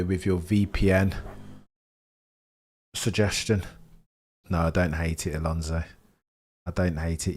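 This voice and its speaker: A man casually commentating a race live, chatting to viewers and getting excited over lap times. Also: low voice. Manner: chatty, excitable, talks to chat by name.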